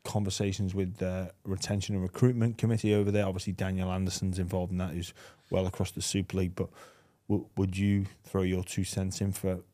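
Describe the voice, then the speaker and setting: Chatty English podcast host, lowish voice. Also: male voice, fairly quick, hardly any pauses. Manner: animated storyteller, acts out voices with laughs. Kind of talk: casual interview chat.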